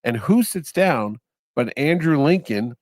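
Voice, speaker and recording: Animated male podcast storyteller. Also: fairly high pitch, unhurried, dry recording. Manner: animated, acts out quoted voices. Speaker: guest, convention organizer.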